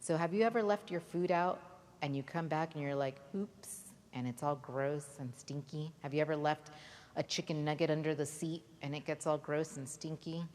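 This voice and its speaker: A woman telling a Bible story to children at a church holiday Bible school, lively and often asking the kids questions. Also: low-pitched, moderate pace. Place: church hall. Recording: reverberant hall, faint noise.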